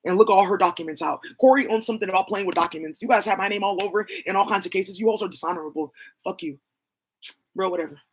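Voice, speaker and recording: Rapid-fire and husky at a medium pitch, this woman swears her way through a meandering monologue, hopping between names and assertions without settling.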